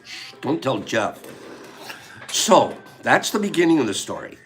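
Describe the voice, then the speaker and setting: An older man hosting a casual talk, telling a fishing story in an animated way, acting out his friends' lines and chuckling as he goes. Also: mid-range voice, a little slow, faint music behind. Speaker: host.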